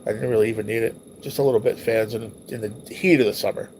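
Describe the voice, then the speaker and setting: A man's voice: fairly low pitch, fairly even intonation, quick pace, a little mellow, a little hiss or hum. A man hosting a livestream, reminiscing casually over old photos in a loose, rambling, profane way. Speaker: livestream host.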